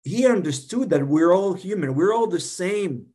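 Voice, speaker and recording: A man's voice: high-pitched, expressive, moderate pace, mellow. A man hosting a podcast, speaking earnestly and eagerly, pressing his guest with questions. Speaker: podcast host. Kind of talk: interview conversation.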